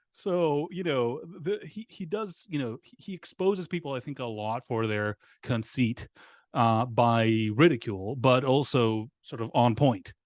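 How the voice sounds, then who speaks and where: A man in casual podcast talk, stumbling over his words with lots of restarts and fillers and breaking into laughs along the way. His voice sits at an everyday middle pitch. The sound is close and dry, with no room around it. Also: dry recording. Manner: halting, many restarts and fillers, laughs often. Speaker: podcast guest. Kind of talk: casual conversation.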